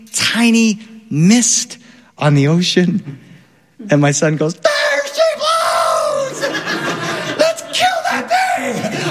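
A man telling a personal story, animated, swinging between excited bursts and hushed moments. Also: mid-range voice, in a large hall.

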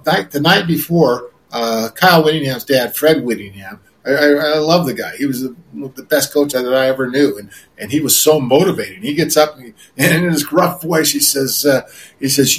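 An older man, a former quarterback, recalls his playing days in a relaxed interview, often repeating words and filling pauses. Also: mid-range voice, rough recording. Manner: rambling, repeats words, many fillers.

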